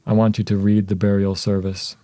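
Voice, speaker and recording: A man voicing a devoted young wife in an audiobook, soft and measured, with a very mellow, low voice. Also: flat delivery, no room sound, natural voice. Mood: solemn tender.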